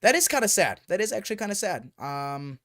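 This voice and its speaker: A male streamer talks straight to his viewers in an animated, rambling way, reacting to their comments and swearing now and then. His voice sits slightly high for a man and comes through a desk streaming mic. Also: fairly quick. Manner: animated and talkative, mild swearing. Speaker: livestream host. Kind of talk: casual livestream chat answering viewers. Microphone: desk streaming microphone.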